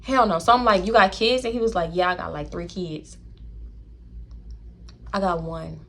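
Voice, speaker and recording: A woman's voice: on the low side, fairly even intonation, normal speed. A young woman with a Houston accent telling a casual story, acting out the voices of the people in it. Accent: Southern US, Houston. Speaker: storytime vlogger.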